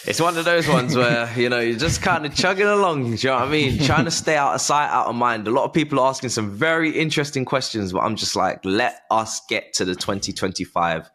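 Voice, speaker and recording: A man hosting a casual football fan podcast, talking in a lively, chatty way and often asking "do you know what I mean". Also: mid-range voice, fast talker, hardly any pauses. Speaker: podcast host. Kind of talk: casual chat.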